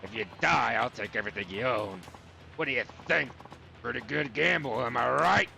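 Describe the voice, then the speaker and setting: A man's voice: medium pitch, expressive, moderate pace, gravelly, pushed and bright, soft background music, exaggerated voice. A man reading out the lines of a boastful, ruthless male billionaire gambling boss from a video game, in a taunting, cocky manner.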